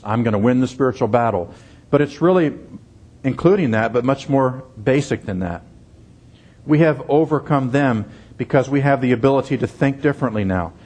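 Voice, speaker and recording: A man's voice: mid-range voice, darkish tone. A middle-aged man delivers an expository sermon in a mid-range voice. He is earnest and emphatic. He leans on repeated phrases to drive each point home. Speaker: pastor.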